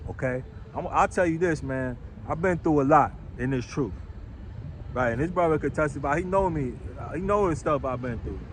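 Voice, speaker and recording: A man preaching outdoors on a city street, blunt and rough-spoken, hammering each point with "right?" and "man". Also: a little high, moderate pace, slight background noise.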